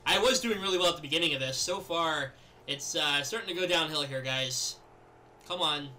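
A young man giving live commentary over his own gameplay, chatting casually and then yelling and laughing at big plays. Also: a little high, moderate pace, slight background noise. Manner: excitable, yells and laughs at plays. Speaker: gaming video creator.

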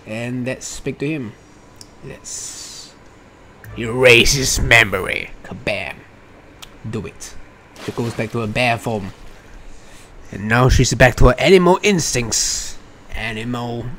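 A man's voice: mid-range voice, unhurried, pushed and bright. Playful gamer man over a noisy recording. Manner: playful, chatty, cheers on his characters. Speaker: let's play gamer. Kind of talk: casual gameplay commentary.

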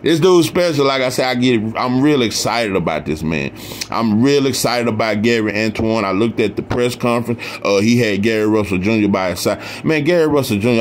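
A man's voice: medium pitch, expressive, a little fast, slight background noise. A man hosting his own boxing channel, giving passionate, emphatic casual commentary and repeating his points for emphasis.

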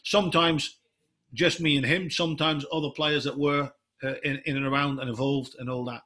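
A man's voice: fairly high pitch, fairly even intonation, normal speed, bright, forceful tone. A middle-aged man, a football coach presenting to other coaches in an explanatory way, restarting sentences often. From Netherlands. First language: Dutch. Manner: explanatory, retells dialogue, many restarts.

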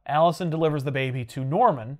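A man's voice: a little high, quick pace. A man casually recapping a comic book story, acting out characters' lines as he goes. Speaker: podcast host.

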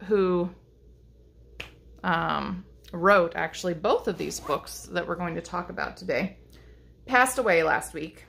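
This middle-aged woman's voice is fairly low, with vocal fry and a sharp tone. A lace-making vlogger and teacher, she chats casually to the camera showing her lace work, rambling and filling it with ums and restarts.

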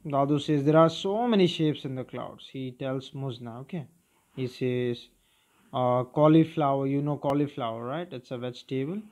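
A man, teaching a children's lesson, who keeps asking "okay?" and "clear?". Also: medium pitch, moderate pace, darkish tone. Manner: repetitive, checking understanding with "clear?" and "okay?". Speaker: English teacher. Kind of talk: recorded primary school lesson.

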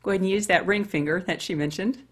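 Husky-voiced woman over fifty. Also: mid-range voice, quick pace. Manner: chatty, talks straight to women viewers. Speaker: beauty vlogger. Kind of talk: casual makeup tutorial chat.

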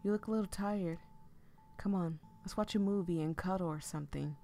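A woman's voice: lowish voice, a little fast, warm tone, natural voice. A woman voicing an affectionate young man from a visual novel who talks casually and makes easy promises. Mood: reassuring. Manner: casual, reassuring.

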